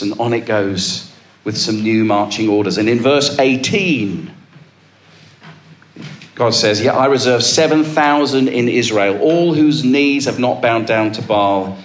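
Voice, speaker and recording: A man's voice: on the high side, echoey room. A male pastor preaching a sermon to a congregation, emphatic and calling out to the listeners. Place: church with a live congregation.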